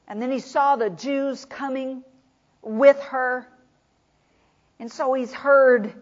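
A woman's voice: high voice, steady tone, slow pace, long pauses. Dramatic woman preaching a sermon, lo-fi. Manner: dramatic, swinging from loud proclamation to hushed whisper. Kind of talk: sermon retelling scripture. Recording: dull lo-fi recording.

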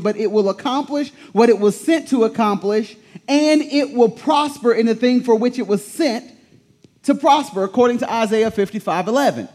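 A man preaching a sermon to a congregation, telling the story animatedly and repeating key words with slow emphasis. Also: very high-pitched, a little mellow. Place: church in front of a congregation.

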